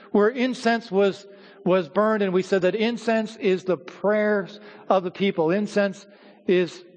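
A man preaching a sermon to his church as its pastor, teaching at a measured pace with pauses and repeated words. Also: sits high, darkish tone. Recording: hall reverb.

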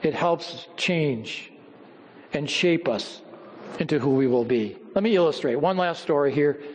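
A man preaching a sermon, telling stories and quoting scripture, often dropping low and quiet for emphasis. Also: expressive, a little slow, long reverb tail, a little hiss or hum. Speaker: pastor.

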